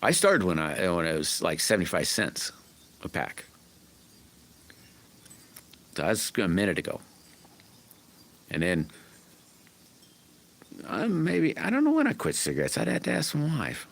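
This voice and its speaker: Middle-aged man, very low voice, folksy rambling livestream chat, many restarts. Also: wildly swooping pitch, moderate pace, vocal fry, long pauses, fairly bright tone. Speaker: livestream host. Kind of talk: casual livestream chat answering viewers.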